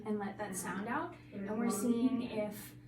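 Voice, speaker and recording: A woman working as a speech-language clinician who gives clear, encouraging instructions and explains the tests. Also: mid-range voice, steady tone, unhurried, a loud crowd. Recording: roomy audio from a distant mic.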